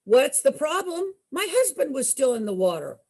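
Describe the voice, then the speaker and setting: A woman's voice: high-pitched, normal speed. A middle-aged woman entertainer telling a personal story to a group, acting out the voices she quotes. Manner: animated, acts out quoted voices. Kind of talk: storytelling to an audience.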